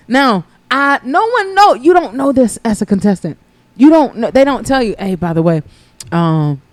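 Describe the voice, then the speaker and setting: A woman chatting as a podcast guest, telling stories in an animated, profane way. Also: medium pitch, no room sound. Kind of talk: casual chat.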